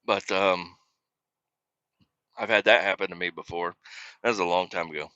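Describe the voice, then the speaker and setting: Bright-voiced man telling a crash story. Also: deep voice, fairly even intonation, normal speed, dry recording, highs cut off. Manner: profane, rambling, self-mocking. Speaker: podcast host. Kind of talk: casual storytelling.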